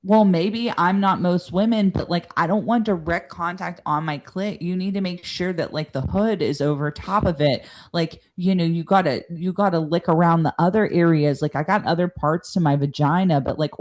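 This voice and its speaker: A woman's voice: fairly low pitch, a little mellow. A woman co-hosting a podcast, talking in a blunt, frank and profane way and filling her sentences with "like". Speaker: podcast co-host. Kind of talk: casual chat.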